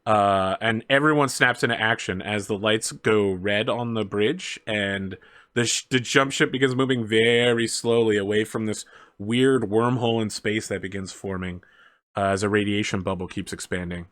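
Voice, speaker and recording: Man narrating as tabletop game master. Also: fairly low pitch. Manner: relaxed storytelling with fillers and quick asides.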